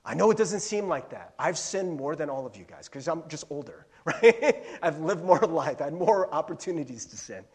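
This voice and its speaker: A man preaching a sermon as a pastor, telling a story with animated asides and chuckles, in a slightly husky voice. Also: fairly high pitch, normal speed, few pauses.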